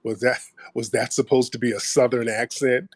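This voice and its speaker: A man's voice: mid-range voice, fairly even intonation, normal speed, no room sound, clean studio sound. A man hosting a live call-in audio show, blunt and joking. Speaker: host.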